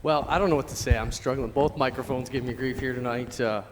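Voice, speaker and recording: A man's voice: mid-range voice, fairly even intonation, quick pace, a little hiss or hum. A man who manages a speedway, telling racing stories in casual booth commentary over a headset mic.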